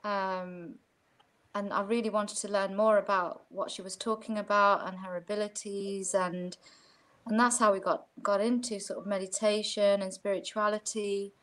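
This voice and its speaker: A woman's voice: medium pitch, flat delivery, moderate pace, fairly bright tone. Woman chatting on a video call. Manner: rambling, many fillers. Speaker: guest. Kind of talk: casual video-call chat.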